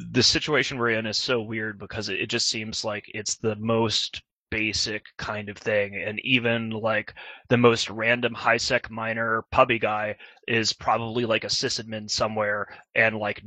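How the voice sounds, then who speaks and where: Brief: man, host of a casual fireside chat, cursing, bright edge, dry close sound, lower voice. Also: no room sound. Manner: profane, rambling, fired up. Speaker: alliance leader hosting a fireside chat.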